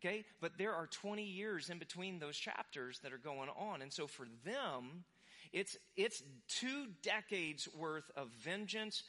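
A young adult man preaching a sermon, talking casually and acting out quoted voices as he tells the story. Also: a little high. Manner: animated, acts out quoted voices. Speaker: pastor.

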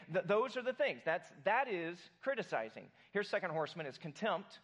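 A man's voice: sits high, very animated, normal speed, hardly any pauses, fairly bright tone. A man preaching a sermon to his congregation, conversational and joking with the room. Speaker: pastor.

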